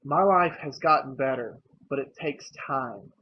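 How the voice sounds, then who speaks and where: A man's voice: mid-range voice, unhurried. A young man vlogging about his own life in a casual, earnest and emotional way, speaking plainly to the camera. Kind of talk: personal storytelling to camera. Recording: slightly dull lo-fi recording with faint noise.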